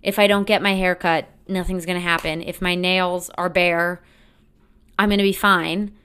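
A young woman talks to her podcast listeners in a loose, rambling monologue. Her voice sits a little low for a woman. She is self-deprecating, laughs often and keeps piling on filler words. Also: flat delivery, moderate pace, a bit bright, clear, resonant tone. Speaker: podcast host. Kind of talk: casual solo podcast monologue.

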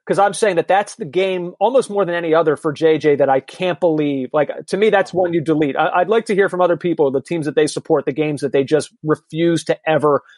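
A man's voice: fairly high pitch, brisk, hardly any pauses, a little mellow, no room sound. A man co-hosting a podcast, chatting in an easygoing, reflective way. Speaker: podcast co-host. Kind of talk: casual chat.

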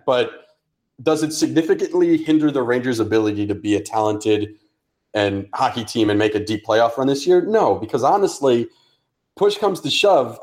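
A man's voice: lowish voice, darkish tone. A young adult man co-hosting a casual sports podcast, wry and teasing, reasoning through his opinions at length. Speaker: podcast co-host.

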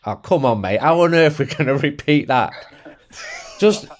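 A man hosts a casual football podcast from the studio. He is jokey and excitable and quick to laugh. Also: mid-range voice, over music. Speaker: podcast host. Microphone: studio mic.

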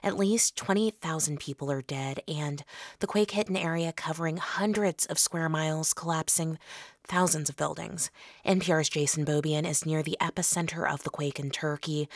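Female anchor, very low voice, calm and even; dry studio sound. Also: no room sound. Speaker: news anchor. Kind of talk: scripted news anchoring.

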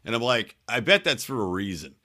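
A man on a podcast as a guest, bantering and telling crude jokes. His voice is a smooth announcer's voice, bright and forward in tone. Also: mid-range voice, very animated, a little fast. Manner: joking, crude banter, smooth radio-style voice. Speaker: podcast guest, host of another show. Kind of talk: casual podcast chat.

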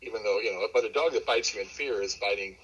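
Husky, bright-voiced man telling dog stories. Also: lowish voice, fast talker, lo-fi sound. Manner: rambling, relaxed, many fillers and restarts. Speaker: dog breeder, interview guest. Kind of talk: casual storytelling in an interview.

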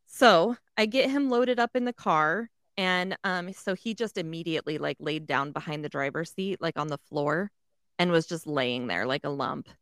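A woman from the San Antonio area telling a story in a casual, animated chat, swearing freely. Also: low voice, moderate pace, smooth, no echo, clean studio sound. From San Antonio area, Texas. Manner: animated, swears freely, acts out other people's lines.

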